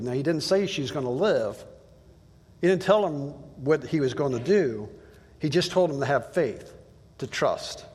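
A man's voice: sits high, animated, moderate pace, big-room sound. A male pastor giving a conversational sermon, telling stories in a plain way with asides to the listeners.

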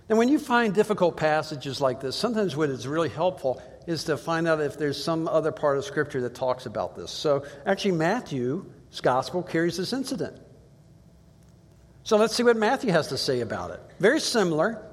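A man's voice: fairly high pitch, very animated, normal speed. Man teaching scripture in a reverberant hall. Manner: conversational, asks rhetorical questions, reads scripture aloud. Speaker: Bible teacher. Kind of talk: Bible teaching talk.

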